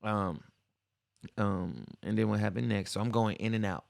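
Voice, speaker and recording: A man's voice: lowish voice, normal speed, creaky, dry recording, clean studio sound. A young man hosting a podcast, telling a long story in casual slang and acting out what people said. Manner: slangy, animated, acts out quoted voices. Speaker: podcast host.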